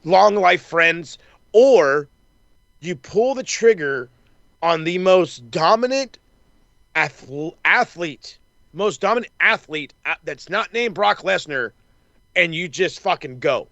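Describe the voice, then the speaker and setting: Animated, foul-mouthed man with a bright, gravelly voice. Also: high voice, slow, no echo, lo-fi sound. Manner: animated, profane, acts out wrestler reactions. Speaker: wrestling podcast host. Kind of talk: casual chat.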